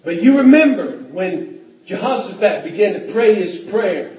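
A man preaching a fervent sermon in a church, often shouting and restarting phrases. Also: high voice, expressive, measured pace, roomy sound, recorded from a distance, muffled recording.

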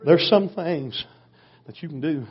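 A man, a pastor preaching a storytelling sermon in a folksy way, going from hushed to loud. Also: fairly high pitch, unhurried, a little hiss or hum. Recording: dull lo-fi recording.

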